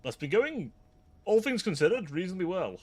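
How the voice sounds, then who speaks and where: A man's voice: high-pitched, sing-song, fairly quick, darkish tone. A British man live-streaming a strategy game, chatting and thinking aloud, often cutting himself off mid-thought. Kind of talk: live gameplay commentary.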